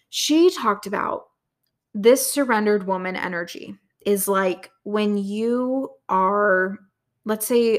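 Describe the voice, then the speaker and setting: A young adult woman hosting a podcast, talking through a motivational lesson in a chatty, casual way, tossing in "right?", filler words and the odd swear. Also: medium pitch. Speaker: podcast host and business coach.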